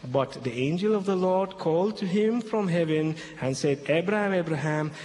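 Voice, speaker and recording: Man retelling a bible story to a crowd, kinda high voice, keeps repeating stuff and going "okay?", big echoey hall. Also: lively intonation, moderate pace, warm tone. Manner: emphatic, repeats key phrases, checks in with "okay?". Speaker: Christian speaker addressing an audience. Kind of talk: expository talk retelling a Bible passage. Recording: echoey hall with faint background noise.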